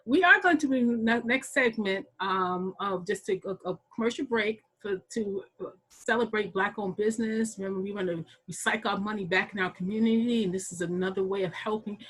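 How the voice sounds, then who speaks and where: A woman's voice: medium pitch, a little fast, fairly bright tone, slightly rough, rough recording. A woman hosting an online gardening workshop, chatty and enthusiastic, often laughing as she asks questions. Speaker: workshop host. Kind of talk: casual online workshop moderating.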